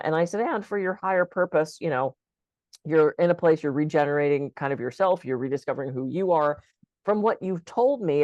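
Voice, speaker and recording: A woman's voice: sits low, no echo, rough recording. Woman on a podcast, mid voice, dead dry sound, tells client stories with lots of energy. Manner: animated storyteller, acts out dialogue. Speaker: practitioner and co-host. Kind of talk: casual conversation.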